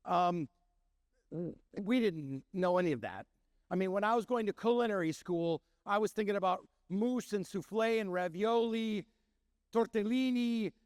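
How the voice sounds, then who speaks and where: A middle-aged man, a chef and restaurant owner, telling stories in an animated way and acting out the voices of the people he quotes. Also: sits high, a little slow, no room sound, clean studio sound. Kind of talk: storytelling talk.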